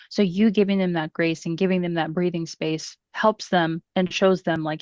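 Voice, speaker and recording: A woman's voice: fairly low pitch, fairly quick, hardly any pauses, no echo, muffled recording. A woman in a sales training discussion, talking animatedly and acting out what clients think. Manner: animated, acts out quoted clients. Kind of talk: casual group discussion.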